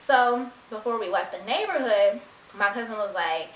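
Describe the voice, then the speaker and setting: Animated young woman telling a story. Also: on the high side, normal speed. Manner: animated, addresses viewers as y'all, acts out quotes. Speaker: vlogger. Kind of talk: casual storytime. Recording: echoey room.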